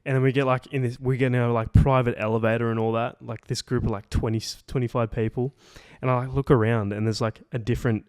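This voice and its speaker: A young man co-hosting a podcast races through a long travel story, barely pausing, his mid-range voice holding little pitch movement. His tone is clear, resonant and slightly mellow, and the recording is dry and close. He rambles loosely in casual chat, full of "like," and swears casually.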